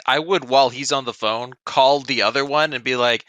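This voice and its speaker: A man's voice: medium pitch, steady tone, a little fast, a bit bright, no room sound, lo-fi sound. A young man co-hosting a casual podcast chat, rambling and hesitant, full of fillers. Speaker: podcast co-host.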